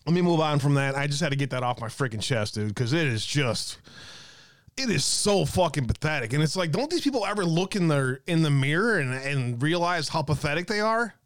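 A man's voice: on the high side, expressive, fairly quick, no echo. Profane ranting man, dry close sound. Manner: profane, exasperated ranting, reading viewer comments. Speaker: host of an online talk stream. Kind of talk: ranting live-stream talk.

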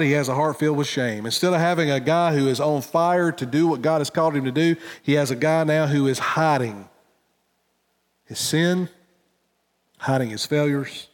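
A pastor giving an earnest sermon, swinging between loud emphatic lines and hushed, low ones. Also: male voice. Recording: church hall reverb.

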